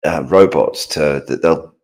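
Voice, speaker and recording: A man co-hosting a live stream, relaxed, reading out viewer comments and answering them. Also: a bass voice, unhurried. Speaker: co-host. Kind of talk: casual live-stream chat.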